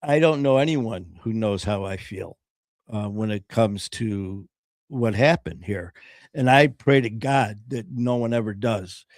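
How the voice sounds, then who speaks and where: A man hosting a talk show, telling his own story in a casual, earnest way. He pauses and restarts often and voices the people he quotes. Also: on the low side, dry recording, studio quality. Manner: earnest, halting, often pausing with "um".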